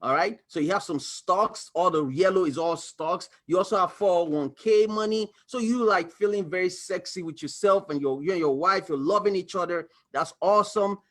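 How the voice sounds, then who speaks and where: Animated high-voiced man explaining money. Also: moderate pace, hardly any pauses. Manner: animated, acts out little dialogues, exclaims. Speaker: financial coach. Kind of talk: screen-share explainer talk.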